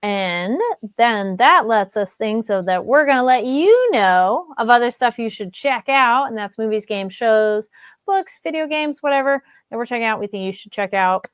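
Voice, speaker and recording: A woman co-hosting a casual fan chat show, reading viewer comments and giving relaxed recommendations. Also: fairly high pitch, moderate pace, clean tone, no echo. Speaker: podcast co-host.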